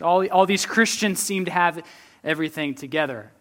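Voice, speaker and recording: Earnest preacher, man with higher voice. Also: moderate pace, fairly bright tone. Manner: earnest preaching, repeats words, asks "right?". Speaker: pastor. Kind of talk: sermon.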